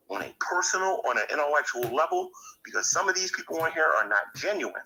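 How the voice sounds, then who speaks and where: A man lecturing in an indignant, preachy tone, his voice very bright and cutting, and his pitch rising and falling widely. He trips over his words and repeats them as he pushes his point. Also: poor audio. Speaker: YouTuber ranting about his community. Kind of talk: monologue rant to camera.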